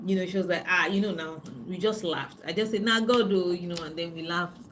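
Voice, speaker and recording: A woman life coach chats on a live stream, telling stories in a lively way with plenty of "you know". Her voice sits fairly low. Faint background noise runs behind her. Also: brisk. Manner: chatty, animated storytelling with frequent "you know". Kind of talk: live-stream chat with viewers.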